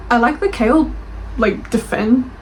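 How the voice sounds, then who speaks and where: A young woman reading book reviews aloud and reacting with animated, defensive chat. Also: fairly high pitch, a little slow, slight background noise, low-quality recording. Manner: animated, gushing, defensive, laughs often.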